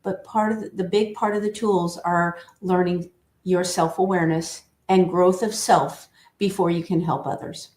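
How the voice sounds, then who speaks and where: Woman in her sixties, culture coach guest; measured, deliberate delivery; roomy echo. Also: on the low side, steady tone, a little mellow. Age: older. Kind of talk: conversational interview. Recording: echoey room.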